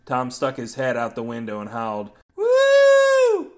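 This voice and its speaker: A man's voice: mid-range voice, fairly even intonation, fairly quick. A man hosting a podcast and reading a comic story aloud, playful, with absurd wordplay. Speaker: podcast host and story reader.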